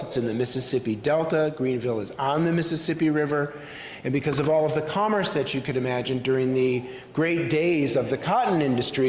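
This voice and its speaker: Rabbi with a reverberant hall sound. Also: male voice, on the high side. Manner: thoughtful storytelling with frequent pauses. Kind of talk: speaking to a congregation. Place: synagogue sanctuary. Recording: echoey hall with faint room noise.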